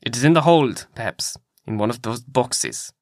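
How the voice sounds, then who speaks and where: A man's voice: medium pitch, expressive, moderate pace, no echo, clean studio sound, natural voice. A man voicing a terrified, half-mad male ship's mate who speaks urgently and fearfully.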